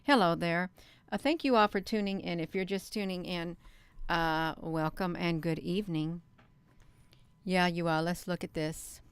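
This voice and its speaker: Chatty woman host, smooth voice. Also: lowish voice, unhurried, dry recording. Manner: chatty, laughs often, many ums and filler; says "you all" instead of "y'all". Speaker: channel host. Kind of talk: casual live-stream chat.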